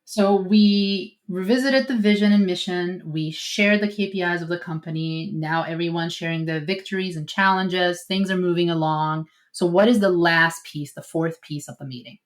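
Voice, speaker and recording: A woman's voice: on the low side, steady tone, moderate pace, hardly any pauses. A woman hosting a podcast interview, summarizing points and asking probing follow-up questions. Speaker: podcast host.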